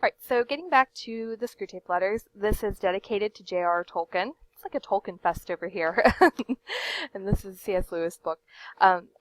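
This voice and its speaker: A woman's voice: mid-range voice, no echo. A woman hosting a casual book vlog, chatty and rambling, with frequent fillers, restarts and light laughs. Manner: laughs now and then while talking. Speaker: book channel host. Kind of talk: casual book commentary to camera.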